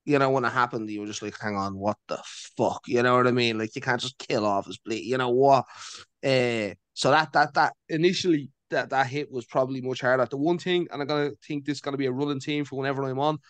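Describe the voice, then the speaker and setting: A man's voice: medium pitch, steady tone, fast, fairly bright tone, smooth, no room sound. A man with a Dublin accent talking as a podcast guest, blunt and sweary in a casual chat.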